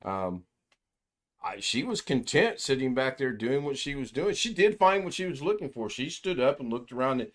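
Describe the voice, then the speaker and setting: A man's voice: mid-range voice, expressive, moderate pace, fairly bright tone. Older man telling a rambling story. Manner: rambling storyteller who acts out quoted voices, chuckling often. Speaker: livestream host. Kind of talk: casual chat.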